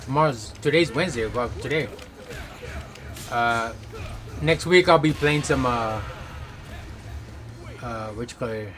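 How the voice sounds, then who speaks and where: A man's voice: mid-range voice, measured pace, long pauses. Guy streamer rambling to chat, lots of uhs, normal mid voice, bit of music in the back. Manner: rambling, loose, many fillers and self-corrections. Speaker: game streamer. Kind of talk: casual chat.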